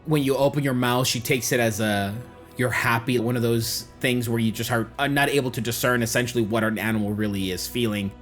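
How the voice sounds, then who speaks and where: A man's voice: medium pitch, fairly even intonation, brisk, fairly bright tone. Male game master, vivid descriptive narrator, light music bed.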